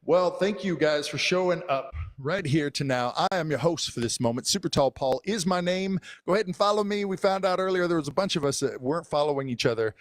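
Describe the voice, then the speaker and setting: A man's voice: a little high, lively intonation, a little fast, hardly any pauses. A man hosting a casual music livestream, chatting to viewers in a rambling way with many filler words. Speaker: live-stream host and musician. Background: loud music.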